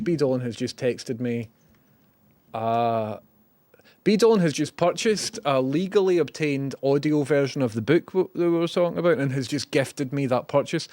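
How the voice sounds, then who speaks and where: A man's voice: mid-range voice, moderate pace, a little mellow, no room sound. A man hosting a live stream, chatting wryly and reading viewer messages. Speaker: livestream host. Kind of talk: casual live commentary.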